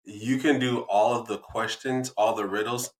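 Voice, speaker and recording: A man's voice: on the low side, fairly even intonation, moderate pace, roomy sound, rough recording. A young man hosting a podcast, playful and teasing in casual, slangy chat. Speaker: podcast host.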